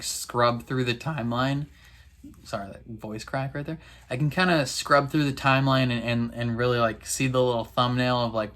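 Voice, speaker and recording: A man's voice: mid-range voice, bright, forceful tone. A young man hosting a reaction video, recapping an episode in a casual, rambling way full of "like" fillers.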